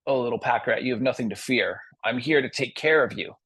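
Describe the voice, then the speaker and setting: A man voicing a smooth-talking male coyote in a told story, speaking gently and reassuringly. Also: mid-range voice, a little fast, dry recording.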